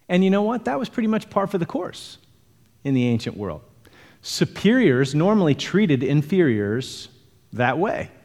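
A man's voice: fairly high pitch, darkish tone. Man preaching in a reverberant hall. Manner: earnest, explains scripture verse by verse. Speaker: pastor. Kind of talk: expository sermon.

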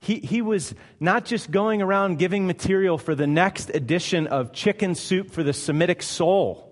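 A man's voice: high-pitched, moderate pace. A male pastor delivering a sermon, emphatic and conversational, firing off rhetorical questions. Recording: long hall reverb.

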